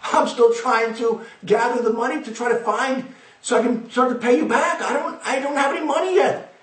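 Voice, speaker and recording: A man's voice: extremely high pitch, normal speed, fairly bright tone, roomy sound, distant mic, voice pushed up. A man voicing an earnest, hopeful poor man who pleads eagerly. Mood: flustered.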